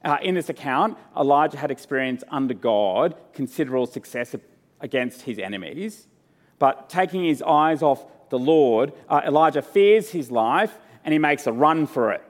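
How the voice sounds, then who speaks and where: A man preaching an earnest, unhurried sermon as pastor, rising in emphasis and then softening into a hushed prayer. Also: a little high, animated. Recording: long hall reverb.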